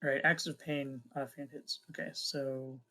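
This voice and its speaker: A man playing a tabletop game, deliberately calling out his attacks and rolls. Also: medium pitch, level tone, sharp tone. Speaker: player.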